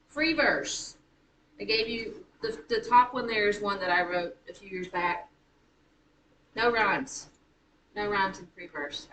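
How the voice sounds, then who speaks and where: A woman teaching a high school writing class, chatty and teasing, often correcting herself mid-sentence. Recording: echoey room, far from mic, noisy.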